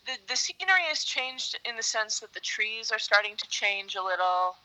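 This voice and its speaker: A woman being interviewed about cycling across the country, telling her stories in a lively, animated way with sudden high-pitched bursts. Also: moderate pace, rough recording. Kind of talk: casual phone-style interview chat.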